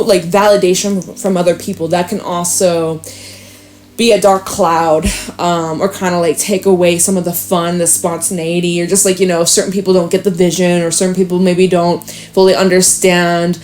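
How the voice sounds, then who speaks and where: A woman's voice: fairly low pitch, a little mellow, a little hiss or hum. Chatty, emphatic young woman tarot reader. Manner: chatty and emphatic, often swears, many fillers. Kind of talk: casual spoken tarot reading.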